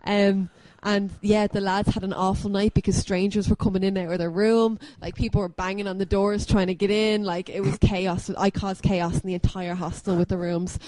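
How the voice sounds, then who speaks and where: Brisk self-mocking woman. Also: mid-range voice, level tone, warm tone, no room sound, rough recording. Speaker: podcast co-host. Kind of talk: casual storytelling chat.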